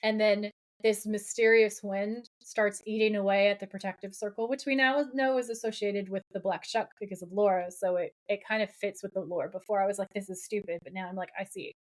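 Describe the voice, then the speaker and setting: A woman's voice: mid-range voice, brisk. A woman podcast co-host recapping a TV episode in casual chat, acting out the characters' lines and swearing freely. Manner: animated, acts out quoted dialogue, swears casually.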